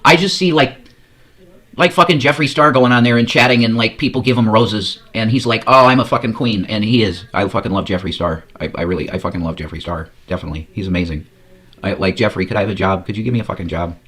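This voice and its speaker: A man with a lowish voice rants crudely over news clips, in a loose, rambling commentary. He swears constantly and jumps from topic to topic. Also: quick pace, a bit bright. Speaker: commentary streamer. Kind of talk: casual profane commentary.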